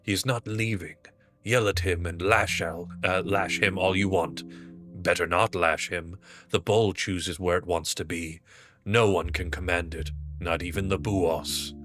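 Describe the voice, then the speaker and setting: Man doing a gruff slow bull herder. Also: low voice, fairly even intonation, over music. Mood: stubborn.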